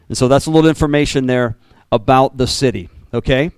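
A man preaching a sermon as pastor, animated, with sudden jumps in pitch and repeated words.

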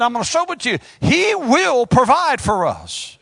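A man's voice: very high voice, sing-song, normal speed, gravelly, pushed and bright, no room sound. A man preaching an impassioned sermon, calling out to his congregation.

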